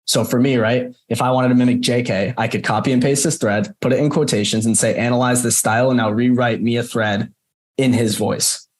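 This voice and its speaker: A man's voice: medium pitch, steady tone, brisk. A young man coaching a group on a call, casual and chatty, with many fillers and repeated words. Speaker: marketing coach presenting. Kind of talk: casual screen-share walkthrough on a call.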